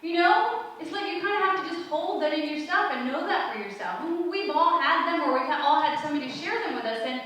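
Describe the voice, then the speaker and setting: A woman's voice: sits high, lively intonation, brisk, hardly any pauses, pushed and bright. A woman hosting a spiritual talk show, speaking earnestly and conversationally with frequent asides. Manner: earnest, conversational, many "you know" asides. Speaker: host. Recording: roomy echo, distant mic, faint ambience.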